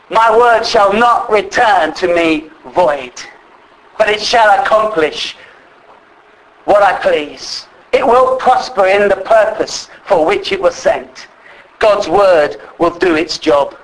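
A man preaching a sermon with passion, addressing the congregation as brethren and rising to shouts. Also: high-pitched, slow pace, low-quality recording. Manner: impassioned, rises to shouts.

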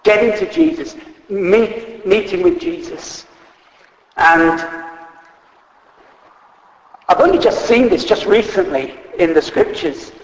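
Very animated yet slow and pausing often, a high-voiced man delivers an earnest, off-the-cuff sermon. He reads passages of scripture and fixes his own slips, and the recording carries echoey hall reverb.

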